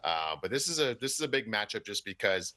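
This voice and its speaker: A man giving hockey analysis who rambles and restarts as he thinks aloud. His voice is lowish but bright and forceful. He is recorded dry and close in a studio. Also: sing-song, fast, no room sound. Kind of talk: casual sports talk show banter.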